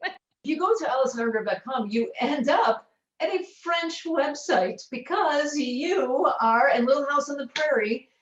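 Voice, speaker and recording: A woman's voice: high voice, animated, normal speed, a bit bright, slight background noise. A woman host in a casual video chat interview, asking friendly, rambling questions. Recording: echoey, distant, lo-fi web call.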